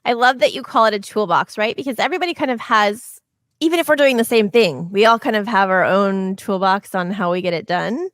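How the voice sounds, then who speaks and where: A woman's voice: medium pitch, fairly quick, fairly bright tone, no echo. A woman hosting a podcast, chatting in a bubbly, casual way and laughing often. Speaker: podcast host. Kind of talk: casual interview chat.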